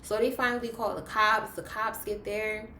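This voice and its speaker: A young woman tells a story to her viewers in a loose, casual way. Her voice sits at an ordinary middle pitch and swings between hushed asides and loud, dramatic bursts. The room gives her voice a noticeable echo, with faint ambient noise underneath. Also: moderate pace. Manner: animated, dramatic retelling with big swings in loudness. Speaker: vlogger. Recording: roomy echo.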